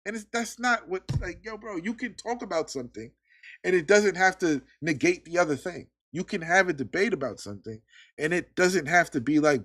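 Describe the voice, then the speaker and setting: Ranting high-voiced man podcast host. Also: a little fast. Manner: profane, ranting, animated. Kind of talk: casual chat.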